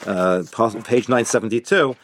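A man teaching an informal Torah class, explaining slowly with frequent restarts and repeated words. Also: medium pitch, background noise. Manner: hesitant, many restarts, explanatory.

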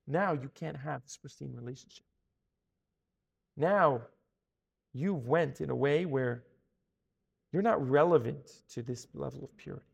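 A man delivers a sermon in a high, gravelly voice. He stays animated throughout and slips into the voices of the people he quotes. He often stumbles and restarts his words. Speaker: Torah teacher.

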